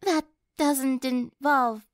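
A woman's voice: sits high, drawn-out words, no room sound, clean studio sound, voice pushed up. A woman voicing a refined, fussy young lady who speaks in a prim, dramatic way. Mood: anxious.

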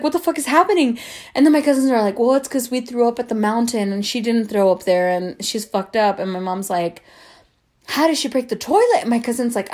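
A young woman who grew up speaking tells a long personal story in a casual, animated way, swearing and acting out what others said. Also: on the high side. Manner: animated, swearing, acts out quoted voices.

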